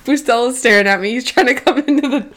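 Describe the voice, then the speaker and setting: A woman's voice: on the high side, fast, fairly bright tone. A woman with a Midwestern American accent co-hosting a casual podcast, chatty, swearing freely and laughing often. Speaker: podcast co-host. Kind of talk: casual chat.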